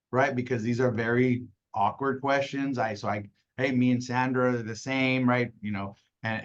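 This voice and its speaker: A man's voice: mid-range voice, muffled recording. A man leading a casual sales training call, talking conversationally and acting out clients, with many "right?" tags.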